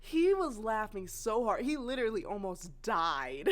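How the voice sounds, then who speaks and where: A woman's voice: mid-range voice, very animated, normal speed. A woman guest on a podcast, telling gossipy stories in casual chat, often laughing and quoting people. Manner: laughing, gossipy, quotes people in their own voices.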